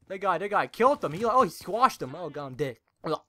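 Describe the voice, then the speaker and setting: A young man giving jumpy, excitable live commentary over his own gameplay, filling his talk with "like" and calling out to his teammates. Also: on the high side, fairly quick. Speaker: gaming channel host.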